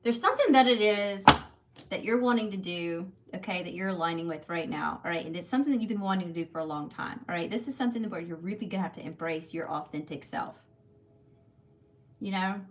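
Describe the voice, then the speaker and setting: A woman's voice: lowish voice, quick pace, a little hiss or hum. A woman, talking chattily on a live tarot stream and checking in with "okay?" as she goes. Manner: chatty, warm direct address with many "okay?" and "y'all". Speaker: tarot reader on a livestream. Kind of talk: live tarot reading and personal story.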